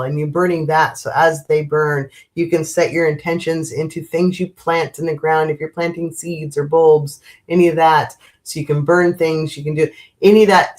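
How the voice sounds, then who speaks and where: Gentle rambling woman hosting a livestream. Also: sits low. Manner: gentle, rambling, many fillers and restarts. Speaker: spiritual livestream host. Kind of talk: casual live chat with viewers.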